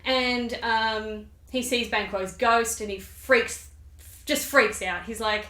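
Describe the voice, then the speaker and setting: A woman's voice: on the high side, steady tone, a little slow, sharp tone. A woman hosting a comedic summary of a play, chatty and sarcastic, with rambling asides. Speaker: video host. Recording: roomy echo.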